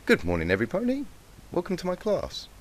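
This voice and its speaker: A man's voice: high-pitched, wildly swooping pitch, fast talker, slight background noise, voice pushed up. A man voicing a kindly, confident mare cooking teacher in a storybook reading who fusses and calls her students dear. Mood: cheerful.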